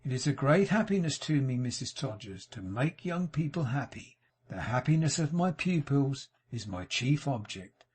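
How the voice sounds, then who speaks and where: A man voicing a sanctimonious, self-pitying middle-aged gentleman in an audiobook, mournful and unctuous. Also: medium pitch, big pitch swings, moderate pace, slightly rough. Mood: confiding. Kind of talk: audiobook character reading.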